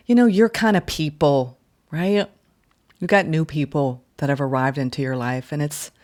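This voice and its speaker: A woman giving a casual tarot reading. She is emotional and effusive, exclaiming and repeating phrases as she reads card text aloud. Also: a bass voice. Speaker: tarot reader.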